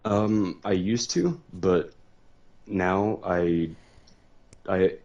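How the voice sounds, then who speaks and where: Deep voiced chill guy, short answers, laughs easy, muffled lo-fi mic. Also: extremely slow, darkish tone. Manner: laid-back, short replies, easy laughter. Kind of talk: casual chat. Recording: dull lo-fi mic sound.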